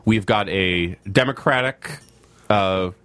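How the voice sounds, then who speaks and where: A man's voice: fairly low pitch, takes it slowly, fairly bright tone, clean tone, dry recording. A man co-hosting a podcast in casual chat, joking and stumbling over his words. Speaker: podcast co-host.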